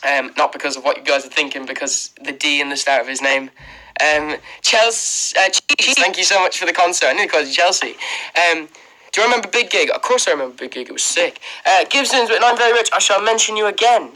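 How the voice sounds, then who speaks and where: A young man with an Irish accent talks straight into a phone held close, streaming live from his bedroom. His voice is bright and sits a little high, and he rambles with plenty of fillers while reading out and thanking viewers one by one. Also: fast talker, poor audio. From Ireland. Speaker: livestream host. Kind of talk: casual livestream chat reading comments. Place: bedroom indoors.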